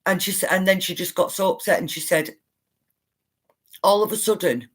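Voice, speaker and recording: A woman's voice: fairly low pitch, moderate pace, slightly rough. A middle-aged woman, earnestly telling viewers an emotional story and insisting that it is true. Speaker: spiritual livestreamer.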